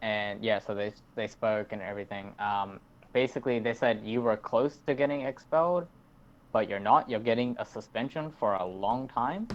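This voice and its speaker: A teenage podcast host with a lowish voice talks at a normal speed, rambling through a story and swearing plenty in casual chat. The recording sounds dull and lo-fi.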